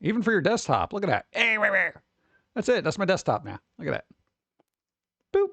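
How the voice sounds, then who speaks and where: A man in his forties hosting a stream, talking in a loose, rambling way with wry asides and muttered reactions. His voice sits a little high for a man and sounds close and dry, with no room around it. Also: sing-song, a little fast, creaky, fairly bright tone, dry recording. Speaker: streamer host. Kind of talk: casual rambling commentary.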